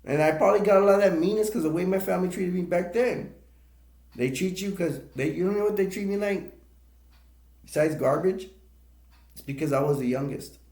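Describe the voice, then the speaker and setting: A man's voice: high-pitched, fairly quick, long pauses, darkish tone. A man rambling emotionally through tears in a live stream monologue, repeating himself as he talks. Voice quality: gravelly. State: crying. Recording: echoey room.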